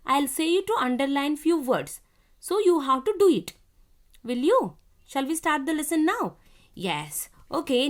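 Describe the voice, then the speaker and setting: Teacher, female, Indian English accent, high voice, slow classroom reading with spelled-out words. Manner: instructive, repeats directions to children. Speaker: schoolteacher. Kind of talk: classroom reading lesson for young children.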